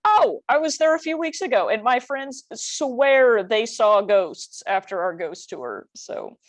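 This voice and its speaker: An eager, chatty podcast host asks questions in a relaxed interview. The voice sits at a medium pitch. The sound is close and dry, with no echo. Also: measured pace. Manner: eager and chatty, reacts with gasps and laughs. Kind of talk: casual interview.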